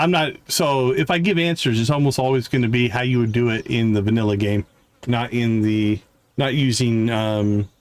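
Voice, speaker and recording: A man hosting a livestream, chatting casually with fillers and quick asides as he plays. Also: medium pitch. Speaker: livestream host. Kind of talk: casual game commentary. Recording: faint game music behind.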